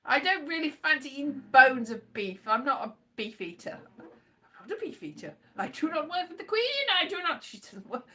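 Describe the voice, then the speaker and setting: A woman's voice: sits high, expressive, moderate pace, sharp tone. A woman vlogging in a rambling casual monologue, playful and silly, slipping into sing-song asides.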